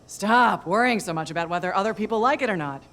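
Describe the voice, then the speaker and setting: A woman's voice: medium pitch, expressive, fast talker, fairly bright tone, natural voice. An actress voicing a blunt, no-nonsense female dinosaur who runs a stage, speaking curtly and dryly. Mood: gruff. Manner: curt, dry, no-nonsense. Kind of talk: video game voice acting.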